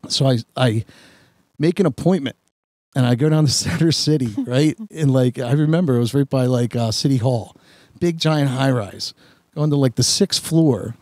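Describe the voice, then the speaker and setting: A man's voice: medium pitch, normal speed, no room sound. Rambling storyteller man, dry close mic. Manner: rambling, animated storytelling with many restarts. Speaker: podcast host. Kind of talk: casual storytelling chat.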